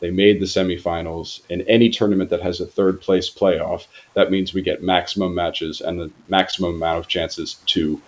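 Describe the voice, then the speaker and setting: A man from Germany, speaking as a football reporter guest on a podcast in a formal, measured way with frequent hesitations. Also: low-pitched, flat delivery, poor audio. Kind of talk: podcast interview.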